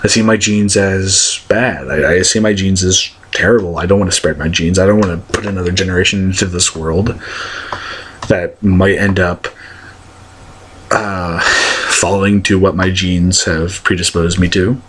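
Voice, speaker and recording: A man's voice: sits low, steady tone, unhurried, fairly bright tone, husky. Profane, rambling young man ranting. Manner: profane, rambling, blunt, with many fillers. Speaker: vlogger. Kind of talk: casual rant to camera.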